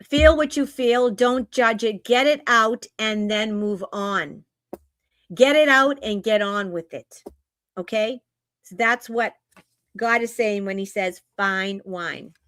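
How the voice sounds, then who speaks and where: A woman's voice: a little high, takes it slowly, fairly bright tone, no room sound. A woman with a Boston accent giving an upbeat, emphatic spiritual tarot reading to her viewers. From Boston area. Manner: emphatic, exclamatory, upbeat preaching tone. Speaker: tarot reader.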